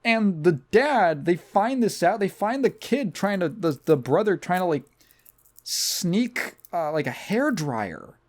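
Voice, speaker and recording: A man's voice: high-pitched, sing-song, takes it slowly. A man hosting a podcast, rambling and sarcastic as he recaps a movie in casual, swear-filled chat. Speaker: podcast host.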